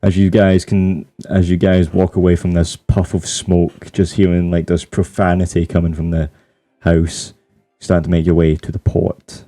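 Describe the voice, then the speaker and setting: A man's voice: low voice, flat delivery, moderate pace, dark tone, soft background music. A man running a tabletop game as game master, narrating in a loose, laid-back way full of fillers.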